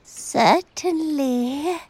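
A woman voicing a scheming, cold old witch in a children's audio story, speaking in a low, drawn-out menacing voice. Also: noisy background, full character voice.

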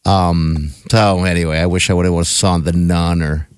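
Low-voiced rambling male radio host. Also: level tone, moderate pace, clean tone, dry recording. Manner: rambling, hesitant, lots of ums. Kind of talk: casual radio show chat. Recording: dry close studio mic.

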